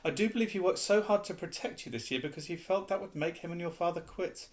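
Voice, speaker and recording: A man's voice: high voice, fast talker, voice pushed up, close to an everyday voice. A man voicing a whimsical old male wizard headmaster, dreamy and playful.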